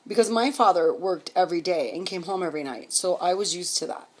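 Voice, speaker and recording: A woman casually telling a personal story, blunt and full of swearing, clearing her throat now and then. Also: on the low side, expressive, brisk. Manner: blunt, profane, candid.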